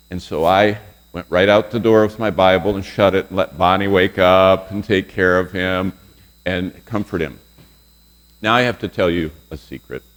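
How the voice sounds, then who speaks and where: A man in his sixties, a pastor teaching a Bible lesson to a room of college students, telling stories and asking the class questions. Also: sits low. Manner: storytelling, quizzes the audience with questions.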